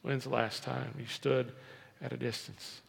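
A man preaching a sermon as a pastor, swinging between loud emphasis and quiet, low asides. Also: level tone, a little slow, gravelly, in a large hall. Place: church.

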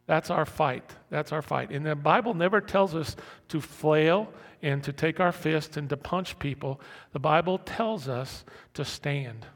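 A man's voice: on the high side, unhurried, fairly bright tone. A man preaching a conversational sermon as a pastor, repeating and restarting his words and acting out panicked inner voices. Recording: long hall reverb.

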